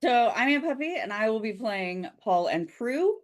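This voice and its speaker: A woman's voice: a little high, very animated, moderate pace. A chatty woman who laughs often, running a tabletop game as game master in casual chat. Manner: giggly, chatty.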